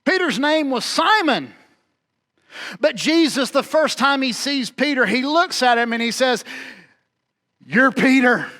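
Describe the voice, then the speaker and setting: A man with a strikingly high voice preaches a sermon. He tells the story vividly, repeating words for emphasis and voicing its speakers himself, then drops low and quiet before rising again. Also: expressive, measured pace. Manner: dramatic preaching, acting out quoted dialogue with swings in loudness. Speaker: pastor.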